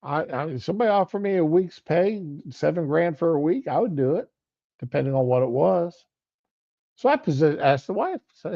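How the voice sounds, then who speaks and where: A man's voice: on the high side, lively intonation, moderate pace, creaky, warm tone. A middle-aged man giving casual political commentary on a livestream, rambling and conversational. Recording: lo-fi stream audio.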